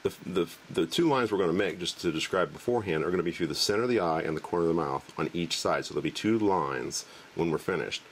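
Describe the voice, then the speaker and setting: Deep-voiced man, casual, rambling trick tutorial. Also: quick pace, a little hiss or hum. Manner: relaxed, rambling, joking. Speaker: magic trick presenter. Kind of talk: casual demonstration.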